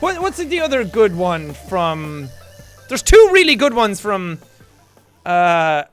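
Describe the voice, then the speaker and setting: A man hosting a casual livestream, chatting in a jokey, excitable way, with bursts of shouting and laughter. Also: high voice, slow. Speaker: livestream host. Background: faint background music.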